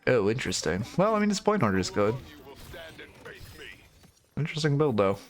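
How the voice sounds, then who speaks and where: A man's voice: medium pitch, sing-song, normal speed. A young man giving casual live-stream coaching commentary on a video game, frank and blunt, swearing now and then and restarting his sentences.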